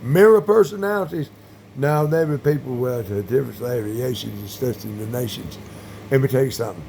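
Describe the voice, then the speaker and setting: A man talking in a rambling monologue, full of fillers, with sudden loud bursts. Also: mid-range voice, animated, normal speed, vocal fry, husky.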